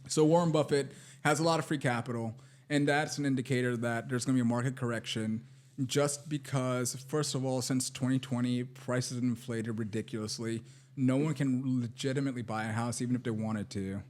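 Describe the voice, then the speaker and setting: A man co-hosting a comedy podcast, talking in a halting, self-deprecating way. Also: medium pitch, fairly even intonation. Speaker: podcast co-host. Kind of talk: casual comedic chat.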